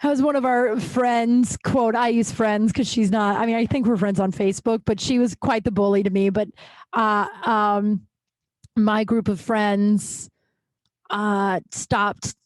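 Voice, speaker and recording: A woman's voice: mid-range voice, a little slow, no room sound. A woman in her thirties hosting a podcast, telling childhood stories in a chatty, rambling way full of "like" fillers. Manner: chatty, lots of "like" fillers, animated retelling. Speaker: podcast host. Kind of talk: casual storytelling monologue.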